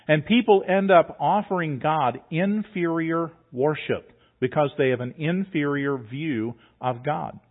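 A man preaching a sermon in a church, his voice somewhat high for a man. He talks earnestly and builds emphasis through repeated words. The sound is thin and tinny, as if heard over a phone line. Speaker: pastor.

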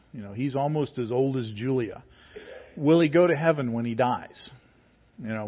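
A man preaching, his tone folksy and conversational as he jokes his way through personal stories. His voice sits at an ordinary middle pitch. The sound is narrow and tinny, like a phone line. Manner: folksy, joking, conversational storytelling. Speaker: pastor. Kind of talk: sermon with personal story.

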